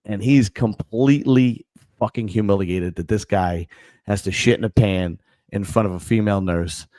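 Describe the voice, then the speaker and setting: A podcast host with a lowish voice chats casually at a normal speed, telling a story packed with swearing. He's animated and acts out the people he quotes, and there's no room sound.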